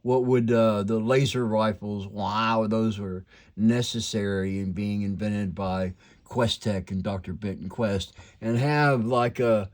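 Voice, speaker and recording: A man's voice: fairly low pitch, steady tone, slow. An older man with a slight twang, rambling casually at home about his hobbies, full of fillers and restarts. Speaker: toy collector vlogger.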